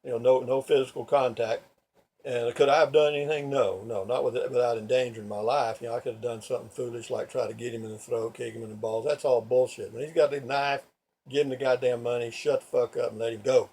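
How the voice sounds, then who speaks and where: A man's voice: medium pitch, fairly even intonation, fast, darkish tone, breathy edge. Folksy older man telling rambling stories. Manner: folksy, profane, digressive. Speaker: vlogger. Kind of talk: rambling personal storytelling.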